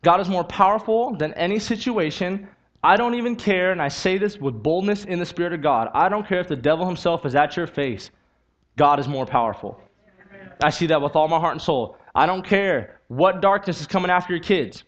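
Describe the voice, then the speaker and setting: A man's voice: high voice, brisk. A young man preaching a sermon and telling his testimony, earnest and emphatic, driving points home by repeating them. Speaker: youth preacher. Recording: dull lo-fi recording.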